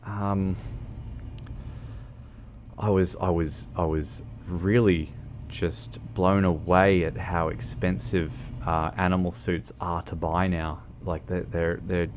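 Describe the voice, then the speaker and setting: A man's voice: low-pitched, a little mellow, slight background noise. A man chatting casually on a game livestream, rambling with many fillers and restarts and joking at his own expense. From New Zealand. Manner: self-deprecating, joking. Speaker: game streamer. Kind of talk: casual livestream chat while driving in a game.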